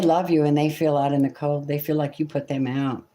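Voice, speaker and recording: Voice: medium pitch, level tone, brisk, hardly any pauses, mellow, a little hiss or hum. A tarot reader giving a live reading, talking casually and emotionally, with the odd swear word.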